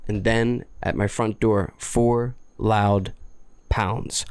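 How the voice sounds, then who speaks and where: A middle-aged man hosting a podcast, telling stories in a relaxed, easygoing way. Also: on the low side, drawn-out words, clean tone, dry recording. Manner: easygoing storyteller, chuckles often. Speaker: podcast host. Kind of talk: casual storytelling chat.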